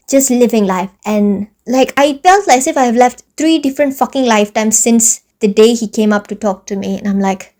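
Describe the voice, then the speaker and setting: A young woman telling a storytime vlog as an exasperated, profane rant, talking fast and animated. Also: on the high side. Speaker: vlogger.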